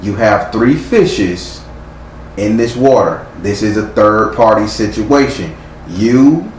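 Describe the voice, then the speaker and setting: A man giving a live tarot reading, speaking bluntly and sternly with frequent profanity. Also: medium pitch. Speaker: tarot reader. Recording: echoey room with faint noise.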